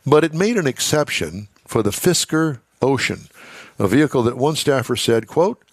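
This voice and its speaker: A male radio host in a studio, chatting casually and reading car news with wry asides. His voice sits at an everyday middle pitch. The studio sound is close and dry. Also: animated, normal speed, no echo. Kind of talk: casual on-air chat.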